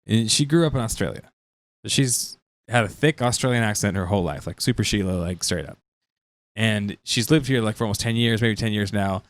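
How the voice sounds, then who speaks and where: A man's voice: lowish voice, a little fast, dry recording. A man co-hosting a podcast, chatting casually and telling a rambling story. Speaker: podcast co-host. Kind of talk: casual chat.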